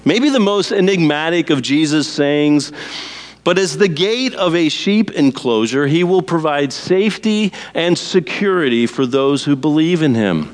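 A man who is a pastor, preaching a sermon in a slow, deliberate way with emphatic pauses. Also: fairly high pitch, lively intonation.

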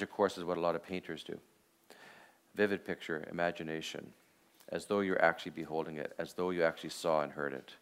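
A man with a very low, smooth and resonant voice gives a relaxed classroom lecture. He talks conversationally, peppering his points with fillers and quick rhetorical questions to his listeners. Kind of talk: teaching a class.

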